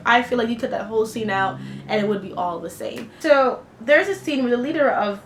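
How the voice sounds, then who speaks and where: A woman's voice: on the high side, brisk, hardly any pauses. A woman giving an impassioned, blunt film review, talking indignantly in a casual, opinionated way. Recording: echoey room with faint noise.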